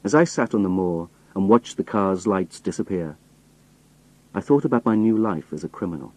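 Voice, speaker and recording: A man reading a story aloud in first person, steady and storytelling, voicing the characters. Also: low voice, moderate pace, poor audio. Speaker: audiobook reader.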